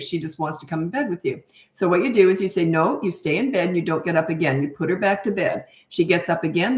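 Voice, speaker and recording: A woman in her sixties with a fairly low voice, chatting through a casual parenting Q&A. She tells stories in a loose, rambling way, full of fillers and little laughs. The sound is roomy, with the room's echo plainly heard. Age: 60s. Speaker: parenting coach. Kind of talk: casual livestream Q&A.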